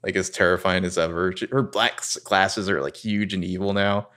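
A man co-hosting a podcast, commenting on a TV episode in a relaxed, chuckling way. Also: low-pitched, normal speed. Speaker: podcast co-host. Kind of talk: casual chat.

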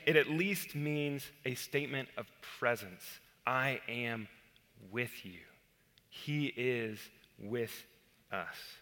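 A man preaching a sermon as a pastor, earnestly explaining scripture step by step and reading verses slowly. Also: medium pitch, sharp tone, big-room sound.

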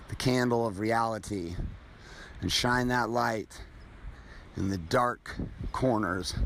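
Middle-aged male host, motivational monologue, blunt and profane, mid-pitched, faint hiss underneath. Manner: blunt, casual and profane storytelling. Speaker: podcast host.

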